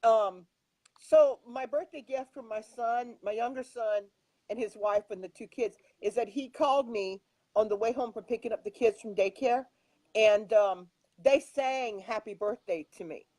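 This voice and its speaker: A woman's voice: on the high side, moderate pace, darkish tone, dry recording, rough recording. An older woman chatting casually on a radio show, telling stories with frequent laughs and restarts. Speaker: regular guest.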